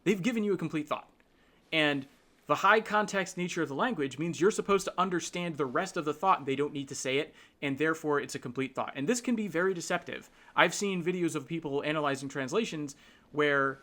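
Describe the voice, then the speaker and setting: A man's voice: on the high side, bright, forceful tone. A man hosting a casual explanatory talk, thinking aloud and often checking in with his listener. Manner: keeps checking in with tag questions; thinks aloud with restarts and fillers. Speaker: host.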